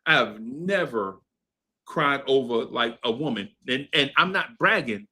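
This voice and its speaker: A man's voice: mid-range voice, expressive, unhurried, bright, forceful tone, husky. A man in his fifties telling a story in a laid-back podcast chat, laughing often and asking "right?" after his points. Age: 50s. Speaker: podcast co-host. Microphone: streamed podcast mic.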